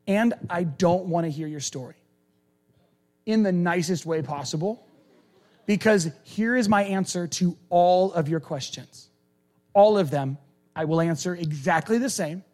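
A middle-aged pastor with a high, bright voice preaches with animated energy. He slips into quick voices for the people in his stories, then drops low and quiet to press a point. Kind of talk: sermon.

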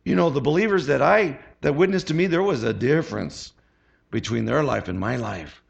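A man's voice: medium pitch, moderate pace, vocal fry. A middle-aged man preaching a conversational sermon as pastor, chatty and asking the congregation for amens. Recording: dull lo-fi sound.

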